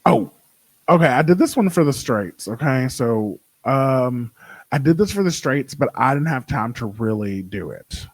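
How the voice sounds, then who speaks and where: A young man hosting his own show, chatting casually with a sassy, profane, animated way of telling stories. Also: mid-range voice, unhurried, dry recording, low-quality recording. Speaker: podcast host. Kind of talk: casual solo chat.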